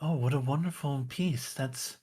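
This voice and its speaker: A man's voice: medium pitch, normal speed, dark tone, breathy edge, lightly acted. A man voicing a young, nervous female temple acolyte in a tabletop game, stammering and flustered. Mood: polite, flustered.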